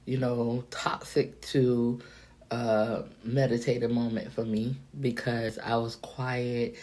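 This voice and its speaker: A woman from the Miami-Dade area telling a personal story straight to camera, candid and profane, in an animated, chatty way. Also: very deep voice, slow pace. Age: adult, past her younger days. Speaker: vlogger. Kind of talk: casual storytime monologue.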